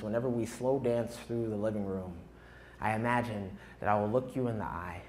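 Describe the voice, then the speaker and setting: A young man from New York, a performance poet, chatting and joking with a live audience in a college hall, then reciting his own poem with rhythmic verse that swells and softens. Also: medium pitch, slight background noise. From United States (New York). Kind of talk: live spoken-word poetry performance.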